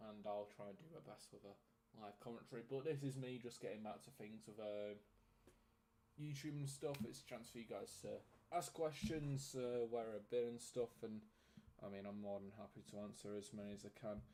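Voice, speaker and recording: A young, out-of-breath man with a fairly low voice is live-streaming at a normal speed, commentating on a football match, reeling off scores in a flat list and chatting with viewers. A little hiss or hum sits under the recording.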